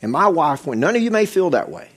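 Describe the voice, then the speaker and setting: A man preaching with fervor, his husky voice rising into loud calls and sinking to near-whispers. He sounds like a pastor in the middle of a sermon, pressing his listeners hard. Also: a little high, sing-song, fast talker. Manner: impassioned preaching, swinging from loud exhortation to hushed intensity.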